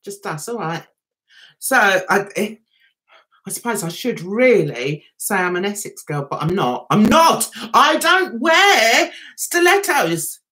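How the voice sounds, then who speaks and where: A woman's voice: mid-range voice, big pitch swings, slow pace, bright, forceful tone. A woman with a London Cockney accent hosting a casual livestream, chatting and reading viewer comments aloud. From England. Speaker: livestream host reviewing TV.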